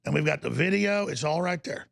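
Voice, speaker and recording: Gravelly ranting talk show host. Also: male voice, on the high side, a little fast. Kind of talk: political talk show rant.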